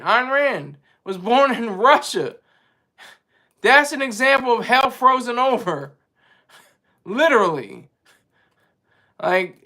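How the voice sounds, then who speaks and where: A man with a high, bright, sharp-edged voice talks loosely to his live-stream chat. He wanders from point to point with firm opinions and pauses now and then to hunt for a word. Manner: rambling and opinionated, searching for words mid-sentence. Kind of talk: casual monologue.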